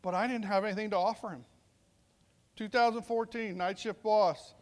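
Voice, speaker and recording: A man's voice: high voice, fairly even intonation, moderate pace. A middle-aged man, a police sergeant, telling a story in a conversational speech and acting out bits of dialogue. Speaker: police sergeant speaking at a veterans summit.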